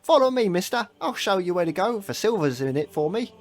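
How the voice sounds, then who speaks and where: A man's voice: high-pitched, sing-song, a little fast, pitched above the performer's own voice. A man voicing a small hooded street boy who works as a cheeky, chirpy lantern bearer. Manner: cheeky, chirpy, calls people mate.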